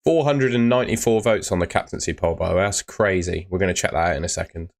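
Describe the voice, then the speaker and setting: A man's voice: low-pitched, animated, fast, vocal fry. A man hosting a casual live stream, chatting loosely with filler words as he reads out viewer comments. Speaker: host of a fantasy football live stream.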